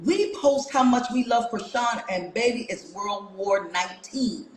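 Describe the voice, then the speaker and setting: A woman's voice: mid-range voice, measured pace, slight background noise. A woman hosting her own live stream, talking casually and firing repeated rhetorical questions at her viewers on a phone mic. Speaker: livestream host. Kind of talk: casual livestream rant to viewers. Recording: echoey room.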